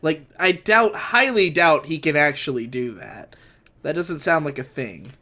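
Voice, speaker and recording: High-voiced man co-hosting a podcast. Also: lively intonation, a little slow, pushed and bright. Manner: laughing, incredulous, swearing casually. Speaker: podcast co-host. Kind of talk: casual podcast banter.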